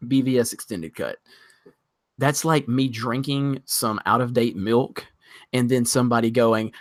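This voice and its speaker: Excitable ranting male stream host. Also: medium pitch, measured pace, dry recording, studio quality. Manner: ranting, excitable, swears freely. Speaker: livestream host reading chat. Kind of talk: casual livestream chat.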